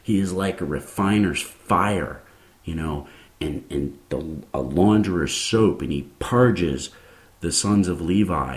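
Deep-voiced earnest male podcast preacher. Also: a little slow, reverberant. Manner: earnest, rambling, many restarts and fillers. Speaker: Christian podcast host.

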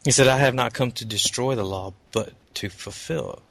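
A man in a faith discussion who speaks in an earnest, halting way. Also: mid-range voice, gravelly, fairly bright tone.

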